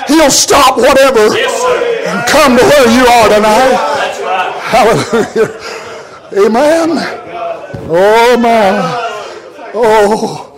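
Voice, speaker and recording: An older preacher with a strikingly high voice for a man, calling out "amen" and "hallelujah" between phrases. He draws his words out slowly and deliberately, then rises to shouted peaks. Between those peaks he sinks into low, soft storytelling. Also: rough recording. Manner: fervent preaching cadence, punctuated with amens and hallelujahs. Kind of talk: revival sermon.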